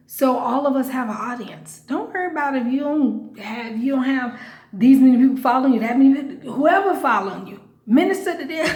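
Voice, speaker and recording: A woman vlogger with a fairly high voice talks to her viewers in a loose, chatty way. She leans hard on repeated phrases and laughs often. The room adds a clear echo. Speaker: vlogger and comedian. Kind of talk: casual direct-to-camera talk. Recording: echoey room.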